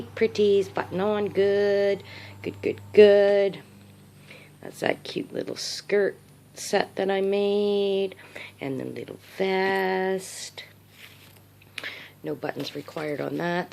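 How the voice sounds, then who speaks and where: A middle-aged woman and grandmother vlogging casually at home, talking to her viewers in an excited, emotional, chatty way. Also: medium pitch, slight background noise. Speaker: crochet vlogger. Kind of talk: casual vlog chat while packing. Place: at home, indoors.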